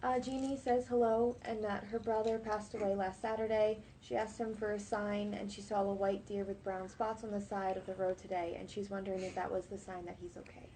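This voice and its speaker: A woman's voice: medium pitch, flat delivery, a little fast, hardly any pauses, warm tone, a little hiss or hum, poor audio. A woman co-hosting, plainly reading viewer questions aloud with light fillers.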